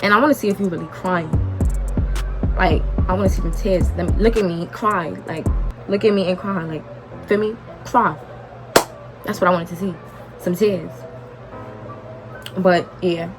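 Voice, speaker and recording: A woman's voice: on the low side, normal speed, long pauses, music in the background. A young woman vlogger, telling a dramatic storytime and acting out the dialogue. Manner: animated, dramatic retelling with quoted dialogue. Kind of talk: storytime vlog.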